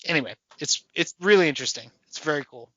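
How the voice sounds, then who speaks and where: A man co-hosting a podcast in casual chat, animated and profane, acting out voices as he tells a story. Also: on the high side, fast, dry recording, muffled recording. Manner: animated, swearing, acts out people's voices. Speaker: podcast co-host.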